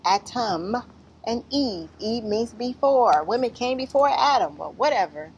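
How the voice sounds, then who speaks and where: A woman's voice: on the high side, a little slow, highs cut off, a little hiss or hum. A woman giving blunt, rambling spiritual advice in a casual vlog, outdoors among trees. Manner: rambling, blunt and profane, lively. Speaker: spiritual vlogger.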